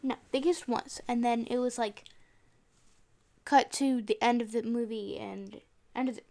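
A woman chatting casually as co-host, retelling a TV episode in an excitable, animated way. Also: a little high, unhurried, gravelly. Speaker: podcast co-host recapping an episode. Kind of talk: casual chat.

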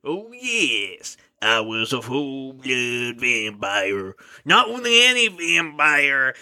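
Male reader playing a grandiose vampire lord father, overblown comic delivery, slow. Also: medium pitch, sharp tone, voice pushed down, exaggerated voice. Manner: overblown, theatrical, laughing through lines.

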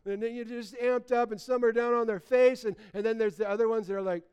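A man preaching a sermon in a lively, conversational way, often restarting his sentences. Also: very high voice, fast, clear, resonant tone, dull audio. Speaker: pastor.

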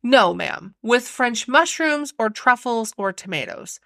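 A woman's voice: a little high, animated, unhurried, creaky, sharp tone, no room sound, clean studio sound, heavily acted. A woman voicing a reserved household cook who gives short, evasive answers. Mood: guarded. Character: strange reserved woman cook, terse and guarded.

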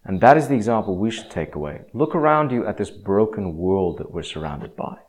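A man giving a casual, rambling talk on faith, often restarting his sentences and swinging from quiet to emphatic. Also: fairly low pitch, very animated, fairly quick. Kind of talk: casual religious monologue.

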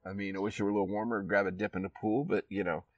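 A man's voice: fairly low pitch, fairly even intonation, racing, dry recording, distant mic, low-quality recording. A laid-back man from Iowa hosts a casual podcast from a backyard. He chats loosely and laughs often, and the sound is dry and close. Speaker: podcast host. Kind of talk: casual chat. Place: outdoors in a backyard.

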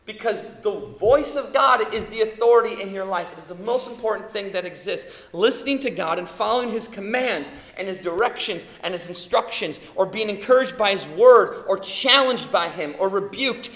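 A middle-aged male pastor delivers a sermon, pressing hard on key words and building to loud peaks. His voice sits fairly high for a man. The sound carries long reverb, as in a roomy church hall. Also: expressive, moderate pace, hardly any pauses. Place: church sanctuary.

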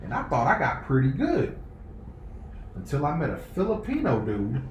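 A man telling a story in loose, profane podcast chat, jumping into loud voices for what people said. The room is echoey. A faint hiss sits under him. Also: medium pitch, normal speed, muffled recording. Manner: animated, profane, acts out quoted lines loudly. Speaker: podcast co-host. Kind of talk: casual group chat, storytelling.

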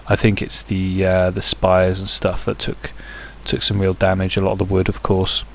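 Man, podcast host, lowish voice, halting, filler-heavy, swears and jokes. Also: completely flat delivery, creaky, a little hiss or hum. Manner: rambling, hesitant with many fillers, crude jokey asides. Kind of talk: casual solo podcast chat.

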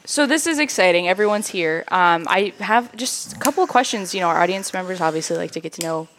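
A woman's voice: lowish voice, expressive, fast talker, fairly bright tone, slight background noise. A woman co-hosting a podcast, chatty and laughing often as she asks questions. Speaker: podcast co-host. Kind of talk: casual chat.

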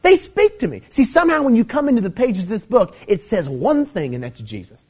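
Guy preaching a sermon, kinda husky, voice sits a bit high and jumps all over, keeps saying "see" and "man". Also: fairly quick. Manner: animated preaching with emphatic swings in pitch and loudness, frequent "see" and "man". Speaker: pastor.

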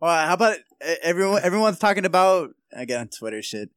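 A man's voice: high voice, very animated, fairly quick, a bit bright, clean tone, dry recording, clean studio sound. A young adult man co-hosting a podcast, talking hesitantly with giggles and trailing-off sentences. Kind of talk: casual chat.

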